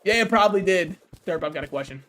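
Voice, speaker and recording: High-voiced joking young man streamer. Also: animated, quick pace, sharp tone. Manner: joking, rambling, laughs at own jokes. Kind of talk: casual gaming stream chat.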